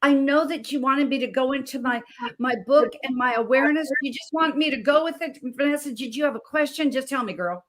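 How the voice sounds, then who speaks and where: Middle-aged woman health coach from Montana, higher-pitched, fervent and dramatic storyteller. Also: brisk. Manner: fervent, dramatic, shifts from hushed to emphatic. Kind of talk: emotional personal storytelling. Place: video call.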